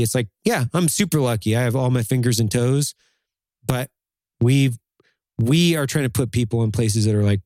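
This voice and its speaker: A man with an ordinary, middle-pitched voice talks bluntly and swears freely. He sounds like he is giving a motivational push in a casual podcast chat. The recording is dry and close, with no room sound. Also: moderate pace, darkish tone, no echo.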